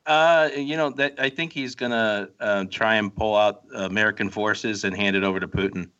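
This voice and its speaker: Guy w/ midwest-southern mix accent calling in, low bright voice, dull far-off phone sound. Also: fairly even intonation, moderate pace, clear, resonant tone. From North Carolina and Ohio. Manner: hesitant, restarts often. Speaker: guest on the phone. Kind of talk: phone interview. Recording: dull distant phone line.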